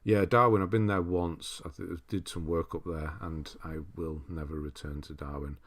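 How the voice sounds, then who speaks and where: Male streamer host, deep voice, mild northern English accent, relaxed rambling chat. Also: normal speed. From northern England. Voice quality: relaxed, rambling, chuckles often. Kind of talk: casual livestream chat reading viewer comments aloud.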